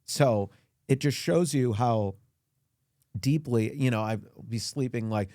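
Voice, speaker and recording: A man as a podcast guest in a comedic rant, indignant and self-pitying, his voice climbing high as he complains. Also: slow, mellow, dry recording, studio quality. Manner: indignant, whiny self-pity, voice climbs high when ranting. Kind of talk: comedic mock interview rant.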